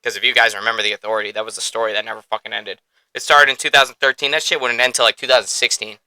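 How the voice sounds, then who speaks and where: A man hosting a podcast in casual chat, excitable and profane, often breaking into laughter. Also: fairly low pitch, racing, no echo, low-quality recording. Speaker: podcast host.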